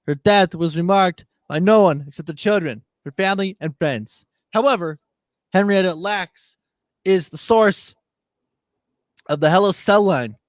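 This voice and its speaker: A man's voice: high voice, a little slow, no echo. A man co-hosting a casual show, reading a list aloud and laughing often. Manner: reads out a list, laughing a lot. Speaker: co-host.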